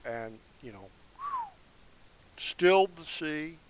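A Bible teacher reads scripture indoors from a seated position, going slowly and deliberately verse by verse and interrupting himself with casual explanations. His voice is a little high and expressive, and a faint hiss or hum is audible.

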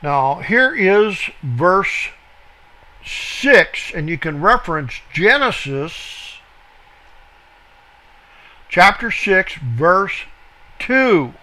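A man leads a verse-by-verse Bible study at an unhurried pace. His voice sits high and sounds bright and clear-edged. He talks in a deliberate way, stopping to spell out words and fix his own slips. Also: very animated. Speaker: Bible teacher.

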